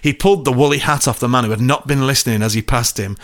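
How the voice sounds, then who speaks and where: A man's voice: mid-range voice, fast, few pauses, a bit bright. A man hosting and reading an interactive story aloud, playful and often laughing. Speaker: storyteller and game host.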